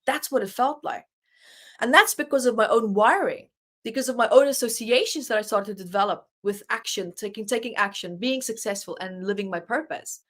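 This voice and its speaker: A woman's voice: fairly high pitch, fairly quick, a bit bright. Earnest woman telling a personal story. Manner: earnest, emphatic, acts out her own inner dialogue. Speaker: guest, author and life coach.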